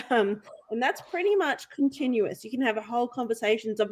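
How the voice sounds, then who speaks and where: A woman's voice: a little high, lively intonation, a little fast, few pauses, darkish tone. An Australian woman from Queensland, a guest author chatting casually and laughing easily. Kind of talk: casual chat.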